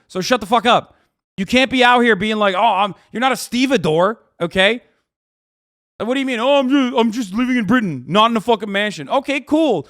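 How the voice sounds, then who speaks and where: A man livestreaming, ranting angrily and profanely at his chat and often shouting. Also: high-pitched, no echo, studio quality.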